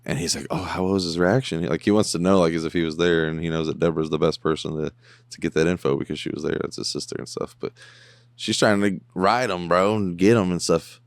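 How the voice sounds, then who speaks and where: A man hosting a podcast, casually recapping and reacting to a TV episode in a slangy, animated way. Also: sits low, fast talker, creaky, clear, resonant tone, dry recording, studio quality. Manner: slangy, animated, says "bro" a lot. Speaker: podcast host.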